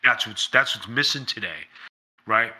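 A man's voice: fairly low pitch, lively intonation, normal speed, pushed and bright. A man being interviewed, talking in a blunt, emphatic way and swearing freely. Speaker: interview guest, former pro wrestler. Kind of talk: casual interview storytelling.

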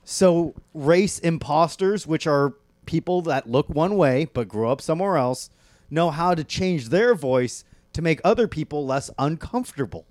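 A man co-hosting a comedy podcast, throwing out provocative jokes and questions. His voice sits fairly high and swings around a lot. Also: lively intonation, a little slow, a little mellow, no echo. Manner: provocative, joking interviewer. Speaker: podcast co-host. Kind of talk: casual comedy banter.

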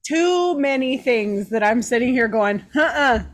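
A woman with a fairly high voice talks quickly and excitedly about how nervous a film made her. She swears casually and plays up her reactions.

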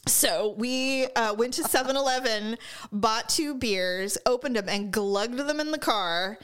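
Animated middle-aged woman telling a story. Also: a little high, a little slow, smooth. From California. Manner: animated storyteller, swears freely. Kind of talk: casual chat.

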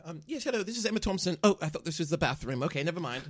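A man's voice: fairly high pitch, expressive, very fast, voice pushed up. A man doing a flustered prim British actress. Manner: polite, flustered.

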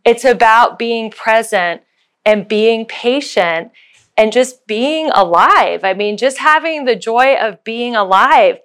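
A woman giving a motivational talk, telling a story with lively acted-out quotes. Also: fairly high pitch. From United States. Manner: animated, acts out voices in her story.

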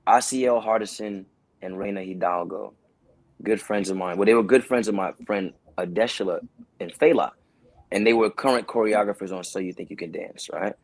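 Husky-voiced man telling a lively story. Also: lowish voice, no room sound. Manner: animated, acts out other people's lines. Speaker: guest actor telling a career story. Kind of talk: casual storytelling.

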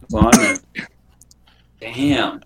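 A man's voice: extremely slow, low-quality recording. A man in casual chat, telling rambling stories and swearing often. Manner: swears a lot, loose rambling storytelling.

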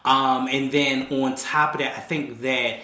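Young male co-host, bright voice, animated and loose, slangy, echoey room. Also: mid-range voice, a little slow. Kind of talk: casual chat.

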